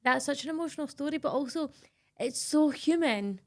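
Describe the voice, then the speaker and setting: A woman hosting a podcast interview, gentle and reassuring toward her guest. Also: high voice, animated, brisk. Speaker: podcast host.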